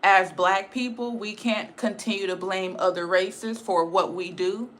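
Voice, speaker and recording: A woman's voice: mid-range voice, fairly even intonation, unhurried, fairly bright tone. A woman giving a blunt, emphatic casual livestream rant, repeating her points. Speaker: live streamer.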